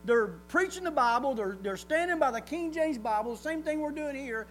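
A man preaching a sermon in a church, folksy and conversational, building to loud, fervent emphasis. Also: extremely high pitch, lively intonation, brisk, hardly any pauses, faint music behind, low-quality recording.

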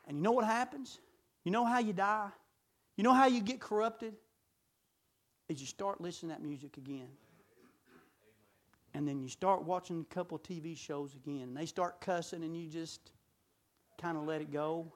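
A middle-aged man preaching a sermon, folksy and full of rhetorical questions, swinging from shouts to low intimate talk. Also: normal speed, pauses often.

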